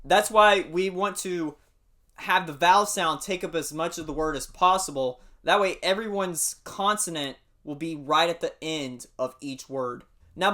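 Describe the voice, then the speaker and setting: A man teaching a singing warm-up lesson, explaining patiently and singing short demonstrations. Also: high voice. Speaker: music teacher.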